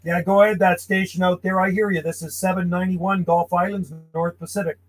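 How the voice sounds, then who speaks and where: Brisk and flat in delivery, this high-pitched man in his 50s chats away as a friendly CB radio operator, calling out call signs from his home radio room. The rough recording has faint music behind his casual radio calls.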